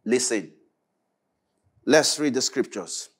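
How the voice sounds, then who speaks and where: A male pastor preaching a Bible study sermon with passion, swinging from loud crying out to low, pleading prayer. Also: lively intonation, slow, breathy edge.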